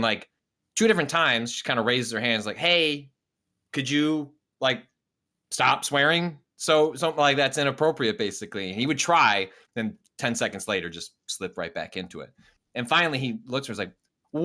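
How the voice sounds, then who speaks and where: An adult podcast co-host and parent telling an animated story. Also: medium pitch, fairly quick.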